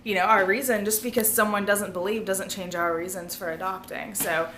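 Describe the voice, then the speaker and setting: A woman, hoarse and losing her voice, talking casually and earnestly to her viewers in a rambling vlog, often laughing. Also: mid-range voice, steady tone, brisk, a bit bright, slight background noise. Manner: rambling, earnest, laughs often, drops to a near-whisper at times. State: losing her voice, feeling ill. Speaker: vlogger.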